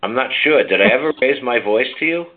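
A man's voice: mid-range voice, animated, quick pace. Brash older man on a phone-like line. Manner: brash, teasing, coaxing listeners. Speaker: host of a call-in health show. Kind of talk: casual call-in talk.

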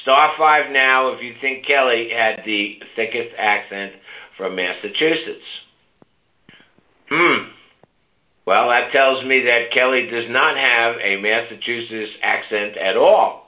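A man's voice: mid-range voice, slow. An older man hosting a call-in health show, talking brashly and teasing his callers. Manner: brash, teasing, coaxing listeners. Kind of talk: casual call-in talk. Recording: phone-like narrow line.

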